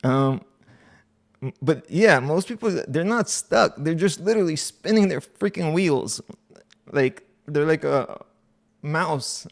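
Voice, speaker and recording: A man's voice: fairly high pitch, animated, slow, gravelly. A man hosting a casual livestream, chatting to viewers in a rambling way and laughing often. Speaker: livestream host.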